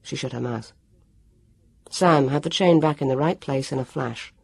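A woman narrating a children's novel with expressive storytelling. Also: a bass voice, moderate pace, gravelly, breathy edge, no room sound. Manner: expressive storytelling, character voices. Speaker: audiobook narrator. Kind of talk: scripted narration.

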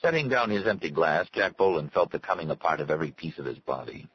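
A man narrating a story in a measured, scripted reading style. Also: low-pitched, very animated, muffled recording, slight background noise. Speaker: audiobook narrator.

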